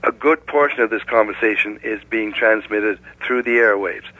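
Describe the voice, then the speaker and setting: A man from Canada, speaking as a guest in a phone interview, explaining things in a measured way with hypotheticals. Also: on the low side, pushed and bright, no room sound. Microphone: telephone. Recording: tinny dry phone line.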